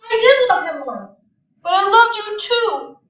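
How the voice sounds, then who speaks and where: A woman reading aloud as a distraught young woman, shrill, loud and close to tears. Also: animated, a little slow, roomy sound, dull audio, heavily acted. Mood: pleading.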